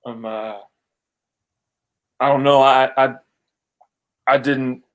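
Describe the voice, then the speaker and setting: A woman's voice: extremely low pitch, steady tone, slow. A woman reading a cautious, awkward young man. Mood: flustered. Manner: stammering, careful. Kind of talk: live play reading.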